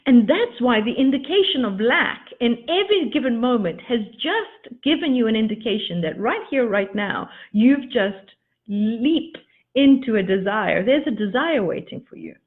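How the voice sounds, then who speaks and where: Expressive woman coach, tinny phone sound. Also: fairly high pitch, normal speed. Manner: expressive, swooping emphasis, repeats words; addresses listeners as darlings. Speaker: spiritual coach. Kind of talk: motivational teaching talk.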